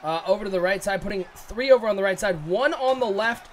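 A man doing excitable play-by-play commentary for a video game football broadcast, joking and shouting on big plays. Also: high-pitched, fast, slight background noise.

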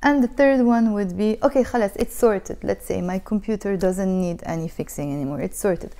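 A woman's voice: medium pitch, brisk, mellow. A woman teaching a language lesson, patiently repeating phrases for learners.

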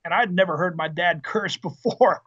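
A man in his fifties, a retired Marine officer being interviewed, telling anecdotes in a lively, casual way with fillers and laughs. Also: sits high, normal speed. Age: 50s. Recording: dull lo-fi podcast audio.

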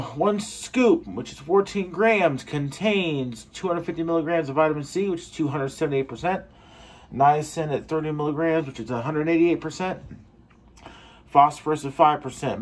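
Husky excitable man reviewing supplements. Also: on the high side. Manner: excitable, swears for emphasis. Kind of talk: casual taste-test vlog. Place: home gym.

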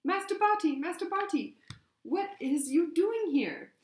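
A woman's voice: sing-song, fairly quick, darkish tone. A woman voicing a frantic, devoted female house-elf servant who shrieks and sobs in broken grammar. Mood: shrieking. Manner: shrill, sobbing, broken grammar. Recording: roomy echo.

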